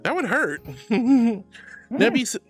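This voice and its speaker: Bubbly giggly girl streamer, high voice that swoops all over, faint music behind. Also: big pitch swings, extremely slow, slightly rough. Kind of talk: casual chat reading chat messages.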